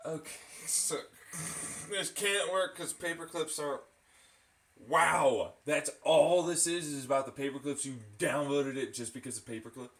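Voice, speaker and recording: A man's voice: on the high side, unhurried, fairly bright tone. A man ranting to camera in a profane, mocking, sarcastic way while pulling an espresso shot. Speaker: vlogger. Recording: echoey room, far from the mic.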